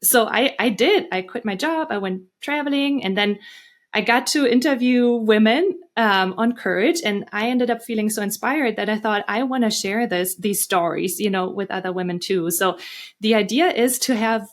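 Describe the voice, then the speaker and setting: A woman's voice: mid-range voice, moderate pace. A woman with a German accent, a guest author earnestly telling stories in an interview. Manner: earnest, storytelling, some restarts. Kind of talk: interview answers.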